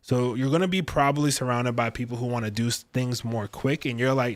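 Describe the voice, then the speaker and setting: A man's voice: mid-range voice, a little fast, hardly any pauses. Male astrologer, casual rambling delivery, mid voice. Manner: rambling, slangy, chatty. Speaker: astrologer and tarot reader. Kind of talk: casual livestream reading.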